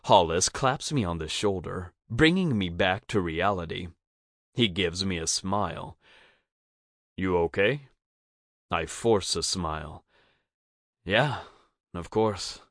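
A man narrating a first-person audiobook in a steady, even storytelling manner on a close mic. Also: sits low, unhurried, no room sound.

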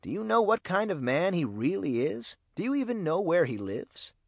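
A man playing a calm police chief father. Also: high-pitched, gravelly, dry recording, pitched above the performer's own voice, exaggerated voice. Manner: calm, measured.

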